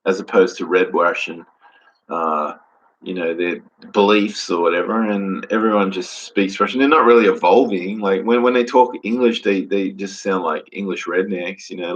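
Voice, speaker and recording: A man's voice: low-pitched, fairly bright tone, dull audio. A man talking alone to camera in a loose, rambling monologue, jumping from idea to idea with lots of "you know" and restarts. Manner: rambling, jumps between ideas, frequent "you know" and restarts. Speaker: vlogger. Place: lives in Australia.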